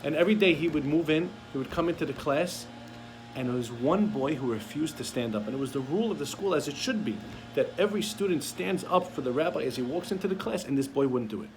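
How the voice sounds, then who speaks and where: A man's voice: fairly high pitch, animated, fast, slight background noise. A man giving a sermon as a rabbi, telling stories and acting out the voices of parents and children. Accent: Sephardic-community American English.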